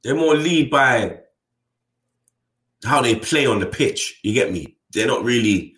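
A man's voice: medium pitch, animated, measured pace, a bit bright, roomy sound. A man, a football fan channel host talking bluntly in casual chat, full of slang and tag questions. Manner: blunt, slangy, keeps adding "you get me".

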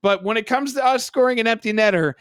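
Man, high voice, dry close sound, exasperated sarcastic hockey rant. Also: fast talker, fairly bright tone, clear, resonant tone, no echo. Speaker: podcast co-host. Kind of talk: casual hockey fan chat.

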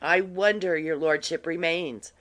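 Grave gentleman with quiet malice, dry delivery, voiced by the narrator. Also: medium pitch, unhurried, natural voice. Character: grave, quietly sly gentleman Ormiston, man. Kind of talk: audiobook reading.

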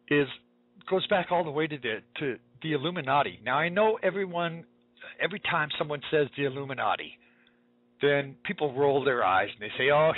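Husky, emphatic talk radio host. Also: male voice, a little high, dry recording. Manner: emphatic, repetitive, urgent. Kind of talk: preaching talk radio monologue. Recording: tinny phone-like line.

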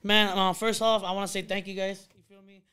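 A man appearing as a podcast guest, talking in a hyped, slangy way full of shout-outs. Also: sits high, flat delivery, fairly quick, clear, resonant tone. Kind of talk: casual chat.

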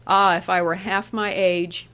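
Woman reading sly old outlaw counsellor, loud and teasing, jolly old man in a storybook. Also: fairly low pitch, little pitch movement, measured pace. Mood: jovial. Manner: chuckling, teasing.

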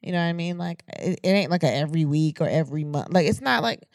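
A young woman co-hosting a podcast in loose, candid chat, swearing freely and stopping to restart her thoughts. Her voice sits low and gravelly, with lively ups and downs, and the sound is dry and close. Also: no room sound. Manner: frank, profane, halting restarts. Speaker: podcast co-host.

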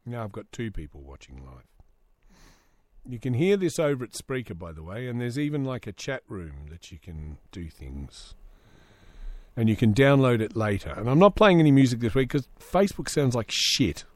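A man's voice: medium pitch, sing-song, normal speed, a little mellow, dry recording. A man hosting a solo comedy podcast, reading news aloud with sarcastic asides. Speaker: podcast host.

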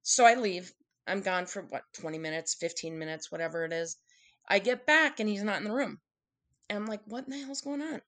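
A woman's voice: lowish voice, animated, brisk, fairly bright tone. A woman candidly telling an emotional personal story in conversation, acting out the quotes of what people said. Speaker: guest telling her story.

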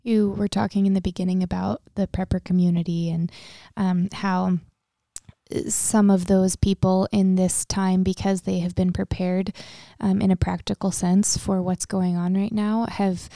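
A woman's voice: medium pitch, flat delivery, unhurried, vocal fry, warm tone, no room sound, clean studio sound. A woman co-hosting a faith podcast, talking earnestly with many fillers. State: emotional, near tears. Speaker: podcast co-host. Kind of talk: casual faith discussion.

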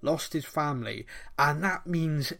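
A man co-hosting a casual podcast chat, excitedly retelling scenes and laughing often. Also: on the high side, measured pace, vocal fry. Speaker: podcast co-host.

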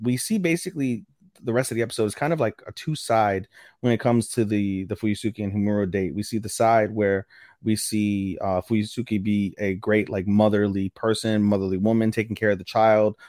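A man's voice: fairly low pitch, fairly even intonation, a little fast, darkish tone, no echo, studio quality. A man casually recapping an anime episode on a podcast, rambling, stumbling over names and swearing now and then. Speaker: podcast co-host.

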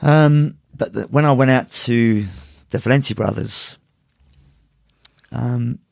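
A man with a gravelly voice, chatting as a podcast guest and drifting through his story with restarts and laughter. His pitch sits in the middle of the range. The recording is dry and close. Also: slow pace, darkish tone, dry recording. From United Kingdom. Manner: rambling, laughs while telling stories, many restarts. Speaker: podcast guest, martial arts instructor. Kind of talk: casual storytelling.

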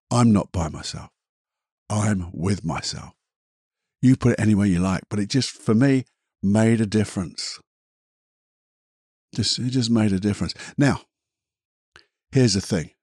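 Gentle rambling male therapist, husky. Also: lowish voice, no room sound, studio quality. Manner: gentle, rambling, self-correcting. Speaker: therapist podcast host. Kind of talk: reflective podcast monologue with guided imagery.

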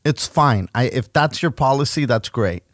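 A man's voice: mid-range voice, normal speed, no echo, clean studio sound. A man on a podcast, telling a story in casual, profane talk and acting out each person's lines. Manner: profane, animated storytelling with acted-out dialogue. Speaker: podcast co-host.

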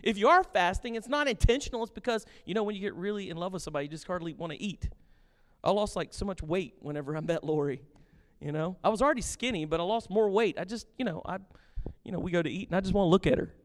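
Guy pastor preaching, high voice, jokey and fired up, big hall reverb. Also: quick pace. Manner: passionate, jokey, animated preaching. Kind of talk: sermon.

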